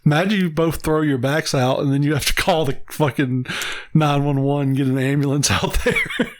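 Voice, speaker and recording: A man's voice: fairly high pitch, huge pitch swings, normal speed, no echo. A man co-hosting a podcast, laid-back and profane, trading crude jokes and agreeing along. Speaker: podcast co-host. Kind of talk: crude casual banter.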